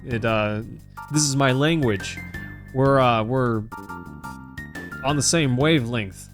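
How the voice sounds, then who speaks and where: A man hosting a casual live stream of a video game, talking easily to his viewers and calling them team and buddy. His voice sits at an ordinary middle pitch. Soft game music plays faintly behind him. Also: slow pace.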